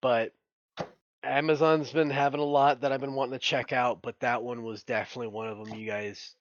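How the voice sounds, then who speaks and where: A relaxed man chatting on a podcast, loose and profane, tossing "dude" into nearly every thought. His voice sits at an ordinary middle pitch. The recording is dry and a little muffled, with no room sound. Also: a little fast, no echo. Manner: laid-back, swears freely, calls people "dude". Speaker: podcast co-host. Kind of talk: casual podcast chat.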